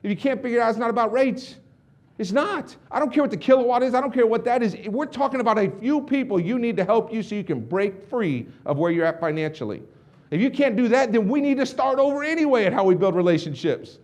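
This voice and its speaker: A middle-aged man speaking to an audience as a motivational speaker, his voice sitting a little high for a man. He rattles through his story at a rapid clip and swings from hushed, confiding moments to loud outbursts. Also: expressive. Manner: intense, swings from hushed to shouting. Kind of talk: energetic storytelling speech.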